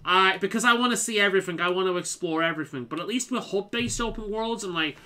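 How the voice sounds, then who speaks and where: Bright, chatty, swearing game streamer. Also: medium pitch, fast, hardly any pauses. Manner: chatty, swears freely, rambling opinions. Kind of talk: casual let's-play commentary.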